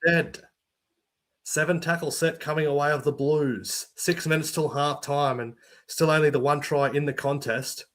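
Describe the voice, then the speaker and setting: High-voiced sports caller. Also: male voice, steady tone. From Australia. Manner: rapid play-by-play, jumps to shouting on big runs. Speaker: play-by-play commentator. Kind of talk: live sports commentary.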